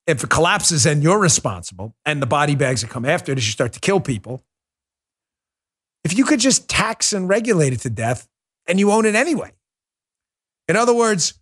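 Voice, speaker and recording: A man's voice: high voice, a bit bright. A man hosting a political talk show, delivering a sarcastic, mocking monologue with big swings in tone. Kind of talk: opinionated monologue.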